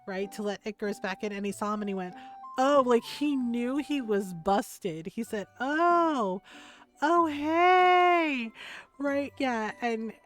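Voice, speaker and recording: Brief: woman streamer, casual storyteller, mid-pitched voice, "right?" after every beat, light game music under her. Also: moderate pace, hardly any pauses. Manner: rambling anecdote, tags sentences with "right?"; animated, acts out other people's lines. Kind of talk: casual storytelling while gaming.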